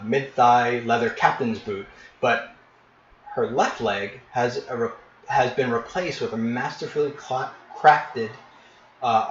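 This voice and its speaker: A man narrating as game master, painting scenes in vivid detail with frequent pauses and restarts. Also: mid-range voice, a little hiss or hum. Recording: echoey, dull lo-fi room recording.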